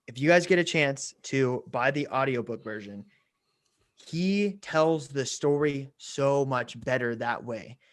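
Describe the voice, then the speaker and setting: An excited male podcast co-host in loose, casual chat with friends. He talks in slang and keeps calling them "bro". His pitch sits in an ordinary middle range. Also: a little slow.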